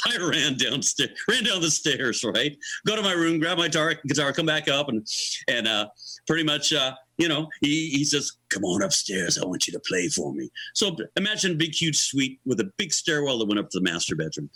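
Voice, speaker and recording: A man's voice: mid-range voice, sharp tone, no room sound, rough recording. A middle-aged or older man, a guest musician, telling a long story in an interview, acting out the voices of the people he quotes and laughing often.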